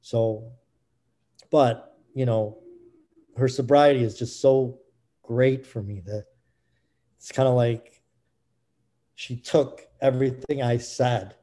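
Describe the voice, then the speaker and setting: A middle-aged man speaking candidly as an interview guest, halting with frequent restarts. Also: mid-range voice, fairly even intonation, dark tone. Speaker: guest, author.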